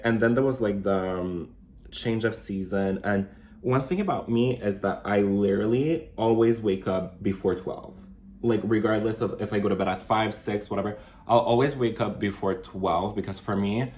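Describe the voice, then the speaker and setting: In a small studio apartment, a young vlogger with a French Canadian accent does his makeup while chatting casually to camera. He rambles with many fillers and restarts, his pitch suddenly jumping up.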